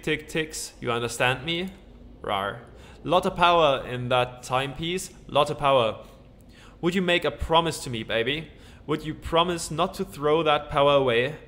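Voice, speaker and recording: A man voicing a laid-back groovy character in a comedy game who calls people baby and talks slowly and persuasively. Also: fairly high pitch, a bit bright, lightly acted. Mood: smooth, coaxing.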